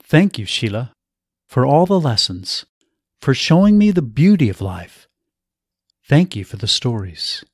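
A man voicing a hopeful young woman who is gravely ill, speaking with raised pitch, earnest and bright. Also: big pitch swings, measured pace, pauses often, dry recording, studio quality. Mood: grateful.

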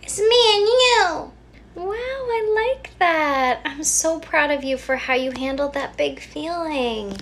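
A young woman modeling speech for toddlers, with slow, exaggerated, sing-song baby talk. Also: high voice, animated, noisy background. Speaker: children's educator.

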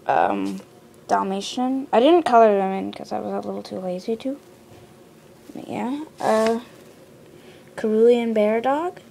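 A woman talks slowly through her sketches in a casual show-and-tell, pausing on ums and correcting herself as she goes. The recording carries a steady hiss of background noise. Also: on the high side, gravelly. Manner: hesitant, full of ums and quick self-corrections. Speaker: video creator showing her drawings.

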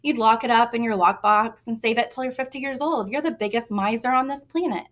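A woman's voice: fairly high pitch, brisk, fairly bright tone, lightly acted. A woman voicing a touchy ten-year-old boy who talks sulkily and defensively, in a storybook reading. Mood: scornful. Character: boy, about ten, touchy older brother.

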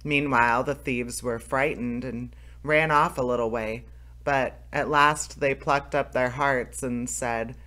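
A man reading a fairy tale aloud as narrator, steady, with small restarts. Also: mid-range voice, measured pace. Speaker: storyteller, channel host.

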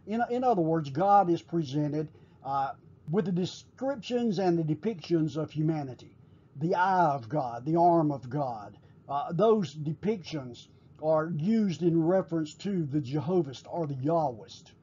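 A man teaching a recorded class, explaining at a measured pace with frequent pauses and fillers. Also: on the high side, expressive, mellow, husky, dull audio.

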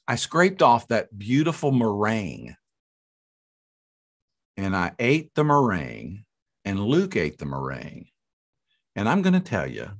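A middle-aged man preaching as a guest speaker, telling a story with lively, laughing delivery. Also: mid-range voice, moderate pace. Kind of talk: storytelling sermon.

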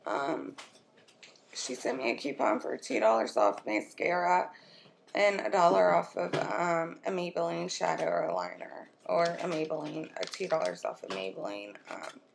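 A woman vlogging at home as she unboxes a makeup swap, gushing and excitable as she talks to her viewers and her friend. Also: on the low side, normal speed, gravelly, a little hiss or hum. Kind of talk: casual unboxing chat. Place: at home, with her children nearby.

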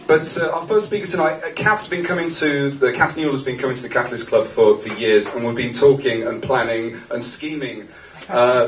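Hesitant male host introducing a speaker. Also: medium pitch. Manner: hesitant, filler-heavy, warm toward the speaker. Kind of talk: casual stage introduction. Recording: echoey room, distant mic, faint noise.

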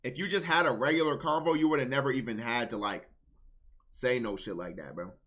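A man streaming casual reaction commentary, blunt, swinging between low muttering and loud outbursts. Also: brisk.

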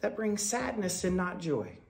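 A man delivering a Quaker sermon in a storytelling manner, moving between loud bursts and soft, low asides. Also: sing-song, a little slow, creaky. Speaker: speaker at a Quaker meeting.

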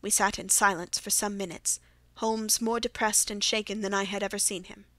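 A woman narrating a classic detective audiobook in a steady, even storytelling manner. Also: medium pitch, moderate pace, dry recording. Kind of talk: scripted narration.

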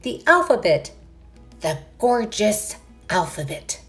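A woman's voice: mid-range voice, sing-song, slow pace, a bit bright, soft background music. A woman reading a children's picture book aloud, with enthusiastic asides to young listeners. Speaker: read-aloud narrator.

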